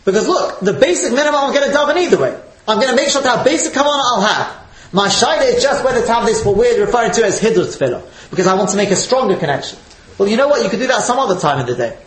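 A man's voice: extremely high pitch, lively intonation, rapid-fire. A man giving an informal lesson on Jewish law, chatty and laughing often as he acts out questions. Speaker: Torah teacher. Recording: echoey room.

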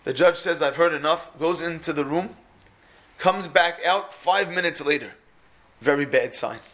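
A man with a bright, high voice preaches at an unhurried pace, delivering a religious talk built around storytelling. He is an animated storyteller who acts out the people in his stories.

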